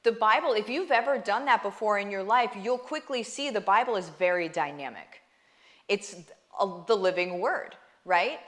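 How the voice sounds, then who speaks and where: Speaking straight to camera, a woman who vlogs and coaches online businesses gives an earnest, emphatic talk about faith. Her medium-pitched voice is a bit bright, with lively intonation and a moderate pace, and she keeps asking "right?" and calling her viewers "guys."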